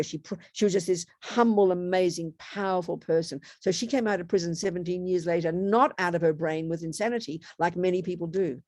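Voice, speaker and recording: A woman's voice: fairly low pitch, fairly quick, few pauses, no room sound. Australian lady teaching buddhism, blunt and punchy, dry close sound. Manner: blunt, emphatic and animated. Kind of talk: online Dharma talk with discussion.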